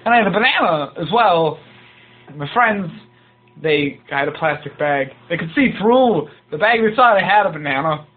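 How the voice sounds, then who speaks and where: A man telling a rambling, deadpan comic story. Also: fairly high pitch, moderate pace. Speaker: comedy podcast guest doing bits. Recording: tinny phone-like sound.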